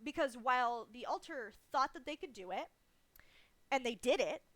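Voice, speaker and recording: A woman's voice: high-pitched, animated, normal speed, a bit bright, no room sound. A woman streamer talking casually and candidly in a livestream Q&A, swearing freely and laughing often.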